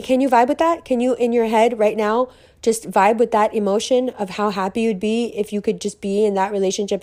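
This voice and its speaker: A woman's voice: fairly high pitch, darkish tone. A woman hosting her own live stream in a casual motivational monologue, bubbly and gushing, swearing freely and filling her talk with "like". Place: sitting on a velvet couch in a room full of bamboo.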